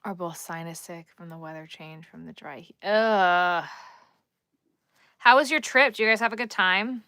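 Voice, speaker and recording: Long island lady crocheting on a live stream, bright crisp voice, rambles to herself and chat. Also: lowish voice, normal speed, dry recording. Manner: chatty, thinks aloud while crocheting and reading chat.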